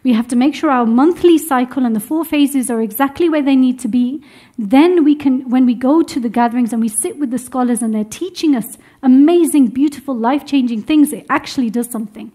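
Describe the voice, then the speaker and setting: A young adult woman teaching womb health to a live group, lively and encouraging, laughing often. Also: high-pitched, brisk, few pauses. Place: room with a seated group.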